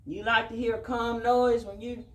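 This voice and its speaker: A man, a horse trainer talking casually through his work in a soft, hushing, calming voice, outdoors. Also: extremely high pitch, moderate pace, reverberant. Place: outdoors at a horse pen with farm birds.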